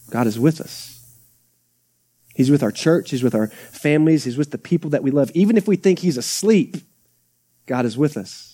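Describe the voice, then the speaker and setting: A man's voice: a little high, warm tone. Man preaching a conversational sermon. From Texas. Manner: conversational preaching with acted-out quotes and asides. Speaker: pastor. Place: church sanctuary.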